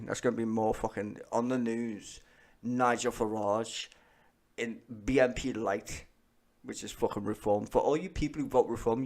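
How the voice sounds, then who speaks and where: A man's voice: medium pitch, vocal fry, a little mellow. A man, ranting and swearing bluntly while streaming live commentary.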